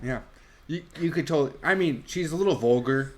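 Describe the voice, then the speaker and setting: A man's voice: fairly high pitch, fairly quick. A man co-hosting a movie podcast in casual chat, animatedly retelling scenes, laughing often and speaking candidly, a little crude. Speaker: podcast co-host.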